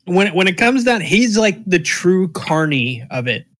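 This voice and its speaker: A man with a somewhat high voice chats casually on a podcast. He rambles and restarts his sentences, dropping in the odd swear. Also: very animated, unhurried, a crowd in the background. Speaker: podcast co-host. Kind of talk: casual chat.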